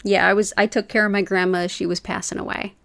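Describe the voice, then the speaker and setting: A woman's voice: medium pitch, flat delivery, fast, creaky, a bit bright, no echo. Host, woman, 40s, rambling casual chat, dry close mic. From United States. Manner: chatty, rambling, says "like" often. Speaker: Reiki livestream host. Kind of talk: casual chat with live viewers.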